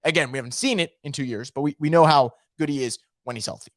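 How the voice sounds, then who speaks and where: Sports podcaster, solo opinion show, emphatic, mid-pitched, dry close sound. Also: quick pace, no room sound. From fan of a New Orleans team. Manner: opinionated and emphatic, talks straight to the listener.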